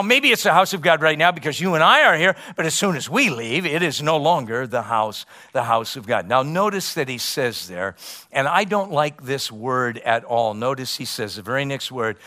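Emphatic preaching man, bright voice. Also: medium pitch. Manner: emphatic preaching with rhetorical questions and dramatic pauses. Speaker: pastor. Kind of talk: sermon.

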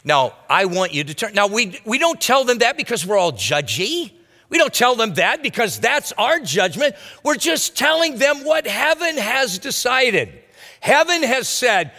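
A man's voice: very high voice, big pitch swings, a little slow, sharp tone, big-room sound. A man preaching a sermon as a pastor, teaching verse by verse in a conversational, folksy way with casual asides. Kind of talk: expository sermon.

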